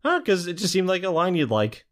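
Male podcast co-host, relaxed and rambling, casual delivery. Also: high voice, fairly quick. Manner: laid-back, rambling with fillers and laughs.

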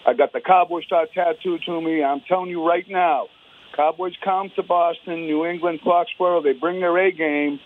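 Phone-in fan, male, high-ish voice, thin telephone sound, keen and emphatic. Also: fairly even intonation, normal speed, a little hiss or hum. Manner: emphatic, repeats himself. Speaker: caller. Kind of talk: excited call-in chat. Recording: tinny phone line.

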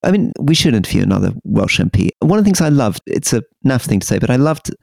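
A man co-hosting a political podcast in casual chat, animated and teasing, keen on history. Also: mid-range voice, fast, vocal fry, no room sound, clean studio sound. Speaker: podcast co-host.

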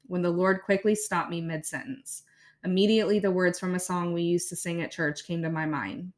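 A woman, a podcast host in her thirties, chatting casually with soft laughs and reading her own blog aloud. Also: on the low side, moderate pace.

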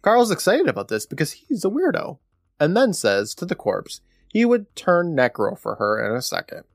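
A man co-hosting a podcast, reading through his recap notes with a wry, deadpan edge and laughing often along the way. His pitch swings lively up and down as he retells the scenes. The sound is dry and close. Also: normal speed, no echo. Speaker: podcast co-host recapping an episode. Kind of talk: casual chat, recapping from notes.

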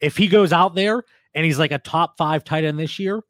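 A man's voice: fairly high pitch, moderate pace, fairly bright tone, dry recording, clean studio sound. A man co-hosting a casual podcast discussion, steering the talk and passing questions to his co-hosts. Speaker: podcast co-host, fantasy football analyst.

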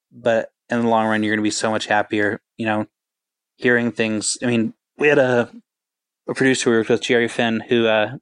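A man in his forties, a touring band guitarist, telling stories in a relaxed, rambling interview with lots of filler words. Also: on the low side, clean tone, no room sound. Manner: rambling, laid-back, full of filler words. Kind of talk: casual interview storytelling.

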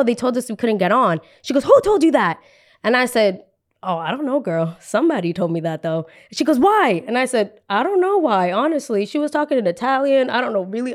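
A young woman from New Jersey, a podcast host telling a dramatic story with lively quoted voices. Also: a little high.

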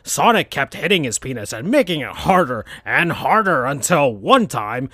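Man reading absurd fan fiction deadpan. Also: a little high, no echo, studio quality. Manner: slow, deadpan, breaks into laughter. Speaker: podcast host.

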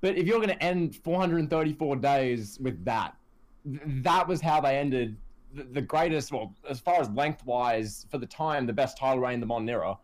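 A man's voice: medium pitch, moderate pace. A man co-hosting a casual wrestling chat, ranting animatedly. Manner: animated ranting, quotes others in put-on voices. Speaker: podcast co-host.

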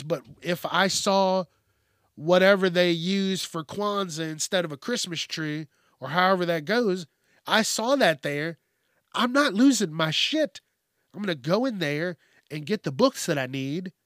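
A man's voice: fairly high pitch, moderate pace, fairly bright tone, no echo, clean studio sound. A man hosting a news commentary show, ranting in a profane, mocking way about news stories. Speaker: host.

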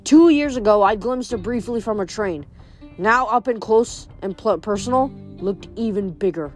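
A woman reading a novel aloud in a steady storytelling voice, with small slips and restarts. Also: medium pitch, moderate pace, soft background music. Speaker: reader.

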